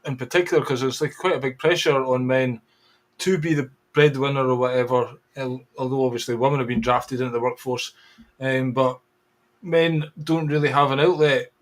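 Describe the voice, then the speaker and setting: A man hosting an interview, talking in a calm, reassuring, conversational way. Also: medium pitch, moderate pace. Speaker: host. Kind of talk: casual interview chat.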